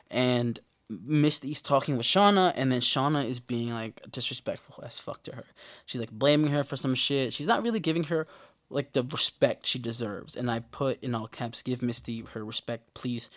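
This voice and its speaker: Laid-back man recapping a TV show. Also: medium pitch. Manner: slangy, laid-back, quick asides. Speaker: TV episode recapper.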